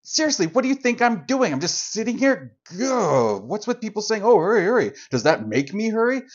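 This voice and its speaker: A man's voice: high-pitched, sing-song, normal speed, slightly rough. A man hosting a comedic, improvised card-game play, ranting with sarcastic exasperation. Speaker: host playing out a card game with voices. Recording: dull lo-fi sound.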